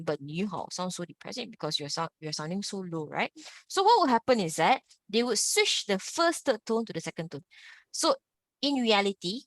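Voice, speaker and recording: A woman's voice: medium pitch, no room sound. A young woman teaching a Mandarin lesson, patiently drilling sounds and tagging her sentences with "ah" and "lah". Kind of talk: online language lesson.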